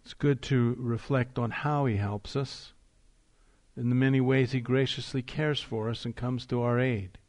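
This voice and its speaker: Male pastor, mid-pitched, preaching with emphatic rises and deliberate slowdowns. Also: fairly even intonation, a little mellow. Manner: emphatic preaching, rising on key phrases, slowing for weight. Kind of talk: sermon.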